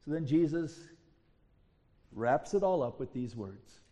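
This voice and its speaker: Male pastor, high and mellow voice, lively storyteller delivering a sermon. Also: unhurried, highs cut off. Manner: animated storytelling with rhetorical questions.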